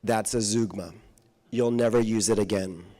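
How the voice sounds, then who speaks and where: A man telling a personal story to an audience on a handheld mic, animated and often laughing as he acts out the people in it. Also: lowish voice, moderate pace. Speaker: guest author speaker. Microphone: handheld microphone.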